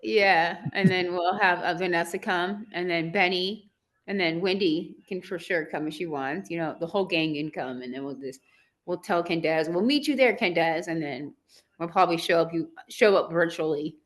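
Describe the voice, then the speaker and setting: A woman's voice: on the low side, normal speed. A woman from Southern California with a valley girl accent, hosting a casual online chat, bubbly and chatty, laughing often. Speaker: host.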